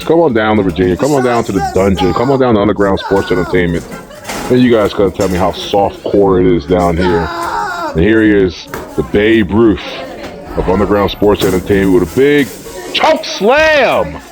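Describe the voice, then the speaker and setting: A man calling play-by-play for an indie wrestling show, excitable and joking, rising to shouts. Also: lowish voice. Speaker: wrestling commentator. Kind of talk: play-by-play commentary.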